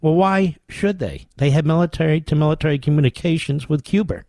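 A man's voice: fairly high pitch, fairly quick, warm tone, no room sound. A man hosting a political talk radio show, delivering combative, mocking commentary.

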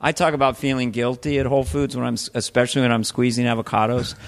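A middle-aged man, a comedian, chatting in an interview, lively and laughing as he talks. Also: mid-range voice, fast talker. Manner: lively, laughing, tangent-prone. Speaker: comedian guest. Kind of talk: casual interview chat.

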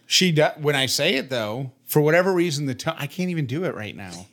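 A man co-hosting a relaxed podcast chat. His pitch swings widely as he talks, and he slips into playful impressions of others while telling stories. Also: a little fast. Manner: animated, playfully mimics others mid-story. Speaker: podcast co-host. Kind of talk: casual chat.

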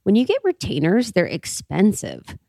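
A woman's voice: mid-range voice, wildly swooping pitch, moderate pace, vocal fry, warm tone, no echo, studio quality. A young adult woman with a slight lisp, co-hosting a podcast in casual, laughing chat. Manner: chatty, laughing, trailing off into asides. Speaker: podcast co-host.

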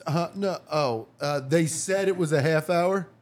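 A man's voice: on the high side, measured pace. A man chatting casually as a podcast guest, telling rambling, profane anecdotes and acting out what others said. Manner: rambling storyteller, swearing, acts out quotes. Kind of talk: casual comedic chat.

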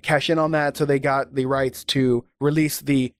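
A man's voice: medium pitch, flat delivery, normal speed, dry recording, studio quality. A man guesting on a podcast, chatting casually and rambling enthusiastically about films. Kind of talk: casual chat.

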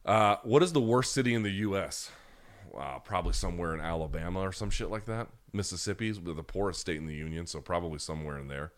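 A man's voice: sits low, quick pace. A man hosting a live chat, ranting bluntly and with plenty of profanity, now and then mocking people in put-on voices. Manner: mocks others in put-on voices. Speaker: host.

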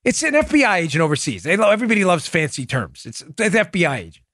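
Indignant, high-voiced male political host. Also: wildly swooping pitch, fast talker, fairly bright tone, dry recording, studio quality. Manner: combative, incredulous, rising to indignant outbursts. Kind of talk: heated political commentary.

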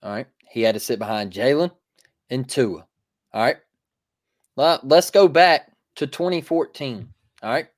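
A man co-hosting a sports talk show in a casual, emphatic manner, repeating his points to calm the listeners down. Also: mid-range voice, unhurried, pauses often, dry recording, studio quality. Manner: emphatic, preachy, repeats phrases. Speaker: podcast co-host.

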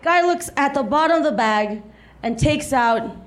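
A stand-up comic in her thirties, hailing from South Texas, tells a story to a live audience whose laughter fills the background. She's high-pitched and expressive, keeps a moderate pace, and brings a chatty, laughing energy.

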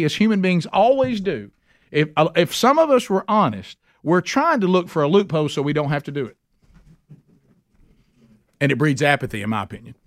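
Male Bible teacher, conversational sermon, emphatic and plainspoken, highish voice, dry close sound. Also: dry recording. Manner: earnest and emphatic, with folksy plain talk.

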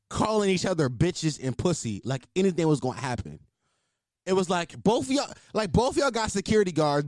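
Young man, podcast host, high lively voice, dry close sound, profane comic riffing. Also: dry recording. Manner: animated, profane, laughing riffs. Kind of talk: casual comedic commentary.

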